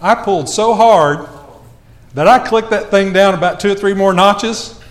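A man preaching a sermon, telling a self-mocking story with lively swings in his voice. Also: high-pitched, normal speed, background noise.

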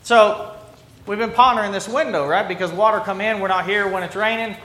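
A man's voice: high voice, bright, forceful tone, a little hiss or hum. A man preaching a conversational sermon in a church, often restarting and filling with ums. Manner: conversational, halting with restarts and fillers. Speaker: pastor. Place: church sanctuary. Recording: roomy church echo, faint ambience.

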